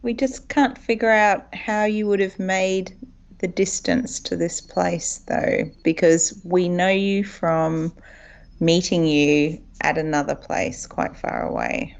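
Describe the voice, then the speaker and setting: A woman's voice: lowish voice, animated, slow pace, creaky. A woman playing a tabletop game, speaking in a playful, dry way. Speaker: player. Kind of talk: casual tabletop play.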